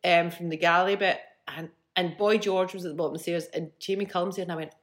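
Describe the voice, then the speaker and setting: Blunt Scottish woman, lower voice. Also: quick pace, few pauses. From Scotland. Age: middle-aged. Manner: blunt, swears freely, lively storyteller. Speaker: band frontwoman. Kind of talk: casual interview chat.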